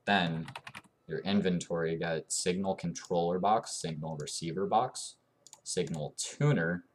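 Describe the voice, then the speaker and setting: Man with a very deep voice, rambling tutorial. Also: unhurried, a little hiss or hum. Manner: rambling, meandering explanations. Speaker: tutorial YouTuber. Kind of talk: casual game tutorial commentary.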